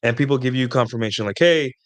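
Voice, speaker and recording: A man gives casual advice to his listeners, wandering through his points and tagging "right?" onto almost every thought. His voice has a middling pitch and comes across smooth and clear. It sounds dry and close, with no room around it. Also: steady tone, moderate pace, fairly bright tone, no room sound. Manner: rambling, repeats points with "right?" and "like". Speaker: host answering viewer questions.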